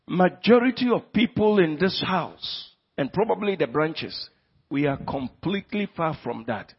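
A man's voice: on the high side, expressive, measured pace, slightly rough. A man preaching a sermon in a church in a Ghanaian English accent, emphatic and asking his congregation questions. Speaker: pastor. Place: church hall. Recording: dull, lo-fi recording in a reverberant church hall.

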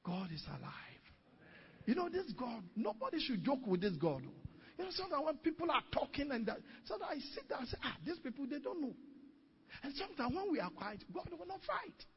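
A male pastor telling a testimony in an animated sermon, recorded dull and distant-sounding in a hall with long echo. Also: very high voice, a little fast. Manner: storytelling, animated, exclaiming.

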